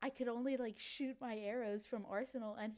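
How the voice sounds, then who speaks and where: A woman from Louisiana with a slight Cajun accent, co-hosting a podcast in casual chat, talking with lots of "like" and quick laughs. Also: fairly high pitch, steady tone, a little mellow. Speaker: podcast co-host.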